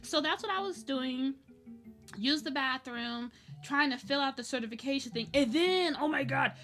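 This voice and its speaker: A woman's voice: high-pitched, moderate pace, fairly bright tone, faint music behind. A young adult woman chatting casually on her art livestream, laughing often with nervous, giggly energy. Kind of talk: casual chat while drawing.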